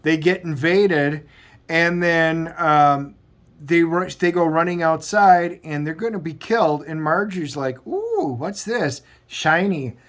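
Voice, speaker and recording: A man with a somewhat high voice hosts a comic book review show. He recaps the plot casually, rambling along and often restarting his sentences. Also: steady tone, unhurried, fairly bright tone. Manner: rambling, loose retelling with frequent restarts.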